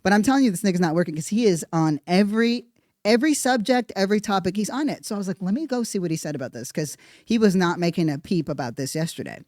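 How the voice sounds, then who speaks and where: This is a podcast host talking casually through the news as comedy. The delivery is animated and sarcastic, with plenty of swearing. The voice sits in a middle register and sounds close and dry, with no room around it. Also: medium pitch, fast talker, dry recording. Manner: animated, profane, sarcastic riffing.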